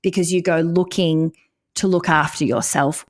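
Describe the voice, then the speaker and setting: A woman's voice: lowish voice, fairly even intonation, moderate pace. A woman hosting a podcast conversation, speaking in an earnest, advocating way. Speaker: podcast host.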